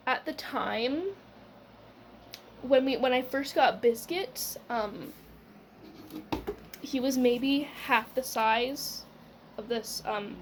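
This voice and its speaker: A woman's voice: high voice, slight background noise. A young woman telling a personal story in a casual, rambling way, with lots of "like" and "whatever" and laughs along the way.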